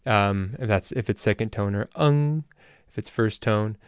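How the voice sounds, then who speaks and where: A man hosting a language-learning podcast, explaining things in a relaxed, casual way with loose fillers. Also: on the low side, normal speed, clean tone, dry recording, clean studio sound. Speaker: language teacher and podcast host. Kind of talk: casual spoken lesson.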